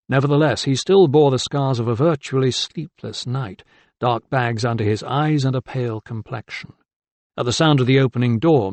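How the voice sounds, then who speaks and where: A man narrating an audiobook with steady, deliberate storytelling. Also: medium pitch, no room sound. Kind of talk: scripted narration.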